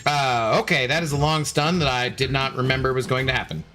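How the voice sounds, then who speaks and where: A man's voice: medium pitch, fairly even intonation, brisk, pushed and bright, faint music behind. Rambling, chatty male game streamer. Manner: rambling and chatty, reads chat messages aloud and greets viewers. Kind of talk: casual live-stream commentary.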